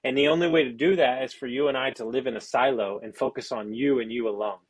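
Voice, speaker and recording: A man's voice: mid-range voice, fast talker, breathy edge, no echo. A man hosting a podcast as a life coach, speaking bluntly and directly and swearing casually. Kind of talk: conversational podcast talk.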